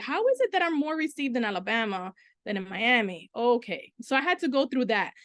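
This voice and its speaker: A middle-aged woman from the Dominican Republic, a Spanish teacher speaking on a panel and telling her story with lively quoted dialogue. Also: fairly high pitch, dry recording. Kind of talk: panel discussion.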